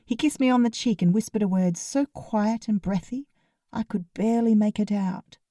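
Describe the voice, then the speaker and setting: A woman's voice: medium pitch, normal speed, dark tone, no echo, studio quality. A woman narrating a comic novel in the first person, in a wry, sarcastic way. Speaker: audiobook narrator.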